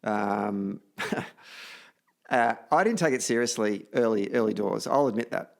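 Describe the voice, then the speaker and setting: An Australian podcast host chats casually and self-deprecatingly, telling stories with animation. His voice is on the low side, slow, and creaky.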